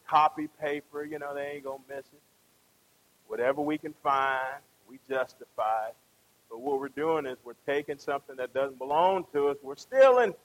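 A man's voice: on the high side, a bit bright, low-quality recording. A man preaching a conversational sermon, often asking the congregation questions and tagging them with "right?".

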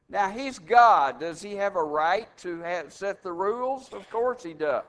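A man preaching with a high, resonant voice. He hammers his points home with rhetorical questions and mocking asides, and his voice rises to loud stresses. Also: expressive, takes it slowly, hardly any pauses, clear, resonant tone. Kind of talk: sermon.

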